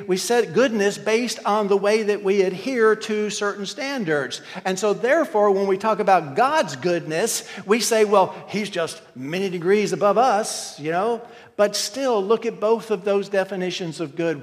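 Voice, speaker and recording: A man with a high voice delivers an emphatic sermon and keeps putting rhetorical questions to his listeners. His voice rings out with a long reverb, as if recorded in a large hall. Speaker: preacher.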